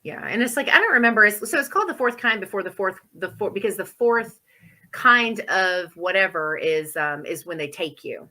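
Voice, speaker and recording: In a casual horror podcast chat about films, this female co-host speaks at medium pitch and a moderate pace. Her intonation is lively and her tone sharp, and she fills her talk with fillers and frequent laughter.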